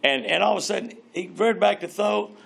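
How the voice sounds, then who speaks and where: Gravelly older man spinning yarns. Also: high-pitched, brisk, heavy background noise. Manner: animated, rambling storyteller. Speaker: guest, fishing personality. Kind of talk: casual storytelling interview.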